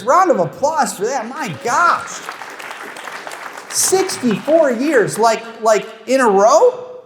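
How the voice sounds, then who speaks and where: Lively middle-aged man doing stand-up in an echoey hall. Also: very high-pitched. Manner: animated storytelling, self-mocking punchlines. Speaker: stand-up comedian. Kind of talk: stand-up routine with crowd work. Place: comedy show stage before a live audience. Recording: echoey hall with long reverb.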